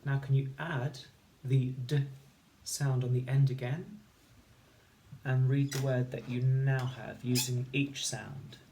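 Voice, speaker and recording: A man teaching a recorded phonics lesson, sounding out words slowly and clearly, one sound at a time. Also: medium pitch, fairly even intonation, mellow, slight background noise. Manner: slow, clear, patient instruction with sound-by-sound segmenting. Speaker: primary school teacher.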